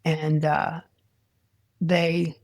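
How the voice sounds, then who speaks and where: A man's voice: fairly high pitch, completely flat delivery, very slow, no room sound, studio quality. A man, a sports psychologist, talking as a guest in a casual interview, rambling with restarts and acting out quoted dialogue.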